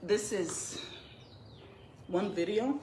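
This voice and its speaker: A woman's voice: medium pitch, lively intonation, drawn-out words, warm tone. A woman telling her own side of a story, emotional and fighting back tears. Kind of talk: emotional vlog statement. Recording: echoey room, faint noise.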